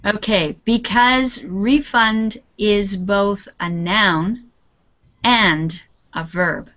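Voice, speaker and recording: A woman's voice: mid-range voice, very slow, fairly bright tone. A woman teaching an English lesson over a video call, patiently explaining words and modelling pronunciation. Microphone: computer mic on a video call. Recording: dull lo-fi call audio.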